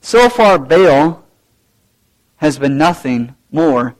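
A male pastor preaching a sermon, swinging between loud, raised lines and low, quiet asides. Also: animated, extremely slow, poor audio.

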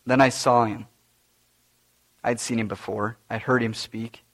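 A man preacher voicing a remorseful male thief in first person, in a hushed, confessional manner. He tells the story as the freed prisoner himself. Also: mid-range voice, little pitch movement, a little slow, pitched below the performer's own voice.

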